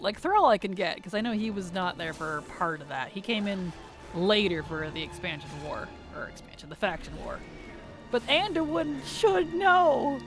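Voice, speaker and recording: Giggly woman streamer chatting over game music. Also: mid-range voice. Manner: chatty, giggly, animated rants. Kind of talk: casual gameplay chat with viewers.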